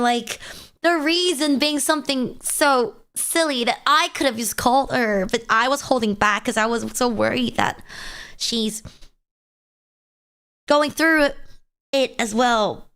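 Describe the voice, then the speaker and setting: A woman talks to her stream while crying, her voice smooth and a touch higher than most. She speaks haltingly and self-consciously, with many pauses. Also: fairly bright tone. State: tearful, crying. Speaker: VTuber streamer. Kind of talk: casual chat stream.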